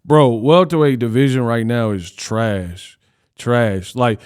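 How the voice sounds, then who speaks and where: A man hosting a boxing news channel, giving casual reaction commentary in an animated, slangy way. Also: mid-range voice, clean tone. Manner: animated, slangy, fast banter.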